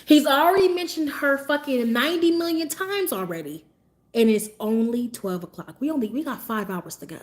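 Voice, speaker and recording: A woman livestreamer telling stories in a sassy, animated way and laughing often as she talks. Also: high voice, moderate pace. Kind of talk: casual livestream storytelling.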